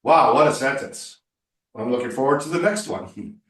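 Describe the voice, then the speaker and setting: A man's voice: mid-range voice, animated, moderate pace. A man coaching a student one-on-one in spoken English, emphatic and playfully corrective. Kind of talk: one-on-one tutoring session. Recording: roomy echo, distant mic.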